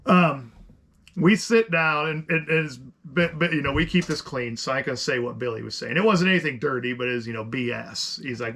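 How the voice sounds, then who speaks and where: A man's voice: a little high, fairly quick, creaky. A middle-aged man co-hosting a podcast, telling a story in casual chat with lots of restarts and rambling asides. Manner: animated, rambling with many restarts. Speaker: podcast co-host.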